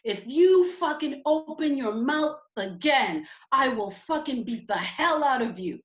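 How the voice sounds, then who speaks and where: A woman putting on a huge, brutal male cop who snaps threats in a loud bark. The voice still sits fairly high. It echoes around the room. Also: lively intonation, unhurried, highs cut off. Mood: menacing. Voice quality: barking, threatening. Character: brutal hulking male police officer.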